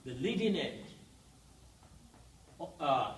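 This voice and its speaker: Man, language teacher, fairly high voice, step-by-step explanations, faint background hum. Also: sing-song, very slow, reverberant, distant mic, poor audio. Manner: explains step by step, often checks with "right?". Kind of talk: classroom lesson.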